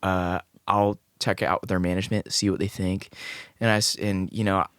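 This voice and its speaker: A man's voice: low-pitched, level tone, fairly quick, a bit bright, clean tone, no echo, clean studio sound. A young man from Des Moines, a singer-songwriter guest on a podcast, telling a rambling anecdote with quoted dialogue. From Des Moines, Iowa. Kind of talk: casual storytelling interview.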